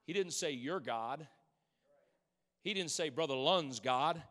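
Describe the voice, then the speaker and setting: A man preaching a sermon as pastor in a church, swinging between loud exclamations and hushed asides and calling out to the congregation. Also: a little high, animated, slow pace. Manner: calls out to the congregation. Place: church sanctuary. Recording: long church hall reverb.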